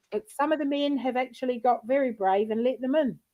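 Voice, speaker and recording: A woman's voice: sits high, moderate pace, muffled recording. A woman hosting a livestream in casual chat, telling rambling, profane anecdotes with frequent laughter. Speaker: livestream host.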